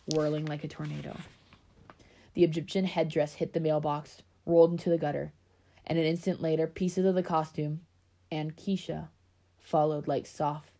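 A woman's voice: low-pitched, vocal fry, a little mellow. A woman reading a spooky children's story aloud, with small slips and restarts. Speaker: reader of scary stories.

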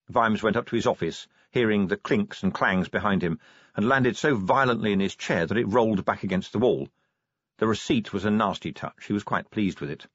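A man narrating an audiobook in a dry, expressive storytelling manner. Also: lowish voice, fairly quick, husky, dry recording, highs cut off.

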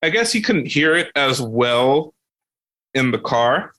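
A young man casually telling a story on a podcast, animated and profane, laughing as he goes. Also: medium pitch, slow. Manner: animated, heavy swearing, laughing through his story.

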